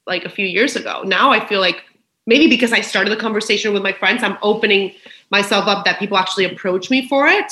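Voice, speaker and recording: A woman's voice: medium pitch, sharp tone. A woman speaking as a podcast guest in a frank, emotional, personal conversation, swearing freely. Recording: roomy echo.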